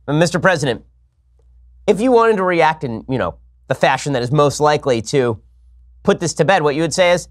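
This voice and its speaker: Sarcastic fast-talking male commentator. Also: a little high, animated. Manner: rapid, sarcastic, argumentative. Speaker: host. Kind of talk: political commentary monologue.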